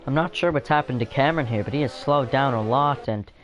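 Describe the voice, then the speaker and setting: A man giving loose, rambling commentary on a sim race at a middling pitch, chewing food between calls and apologizing for it. A faint hiss sits under his voice. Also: fast, lo-fi sound. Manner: rambling, self-deprecating, talks while eating. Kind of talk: casual sim racing commentary.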